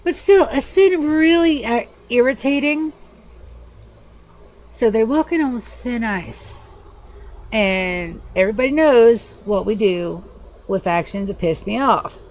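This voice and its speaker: A woman's voice: fairly high pitch, slow pace. Chatty, profane woman livestreamer. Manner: chatty, profane, animated, yawning. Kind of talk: casual gaming livestream chat.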